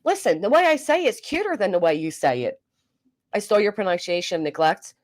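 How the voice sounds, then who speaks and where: A woman's voice: mid-range voice, big pitch swings, a little fast. A woman, hosting a casual livestream, reading comments and joking bluntly with swearing. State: coughing. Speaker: livestream host.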